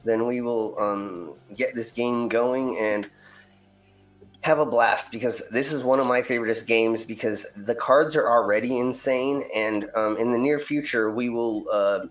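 A man's voice: medium pitch, measured pace. A man hosting a game stream in casual chat, rambling with plenty of ums and uhs. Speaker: stream host. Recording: roomy echo, faint music.

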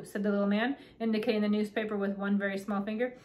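A woman's voice: mid-range voice, fast, few pauses. Chatty woman reading a children's book. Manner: relaxed, chatty with fillers between reading. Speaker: channel host reading children's books.

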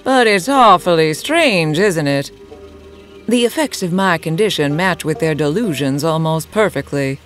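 A woman playing a sultry, menacing cult leader who talks in a slow, teasing, purring drawl. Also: deep voice, expressive, soft background music. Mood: sly. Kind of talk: audio drama acting.

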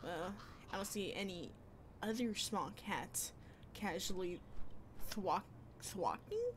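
A woman's voice: medium pitch, expressive, slow, noisy background. A woman voicing a smug, teasing crow as she reads game dialogue aloud, mocking and drawn out. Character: smug teasing crow, cocky street bird.

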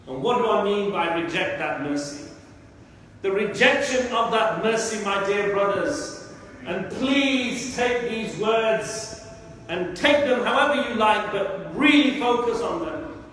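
A man's voice: high-pitched, lively intonation, a little slow, fairly bright tone, slight background noise. A man, an imam delivering an impassioned, emotional sermon in a mosque hall. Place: large mosque prayer hall. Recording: echoey hall from far off.

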